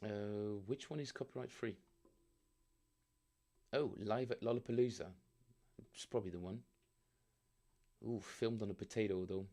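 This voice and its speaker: A man's voice: lowish voice, steady tone, moderate pace, long pauses, warm tone. A man casually chatting with viewers on a live stream, rambling and joking as he reads chat aloud. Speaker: bass player streaming practice.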